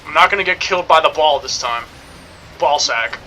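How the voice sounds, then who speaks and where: A man's voice: a little high, normal speed, pushed and bright, a little hiss or hum, rough recording. A young man streaming a game, rambling and joking in casual commentary, swearing now and then.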